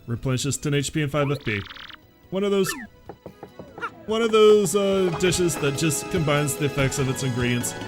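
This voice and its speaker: A man hosting a let's play, chatting casually and thinking aloud as he plays. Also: on the high side. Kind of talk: casual game commentary. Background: game music.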